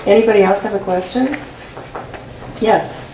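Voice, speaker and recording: A woman poet answering audience questions after a reading in a college lecture room, thoughtful and searching for words, a bit hoarse as she is losing her voice. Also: mid-range voice, steady tone, normal speed, noisy background. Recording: echoey room, mic at a distance.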